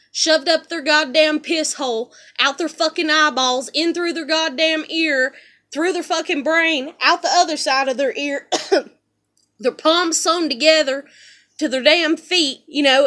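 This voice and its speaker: High-voiced woman on a profane rant. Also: a bit bright. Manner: heavy swearing, rambling with "you know" fillers; bitter and heated. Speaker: vlogger. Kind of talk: angry personal rant.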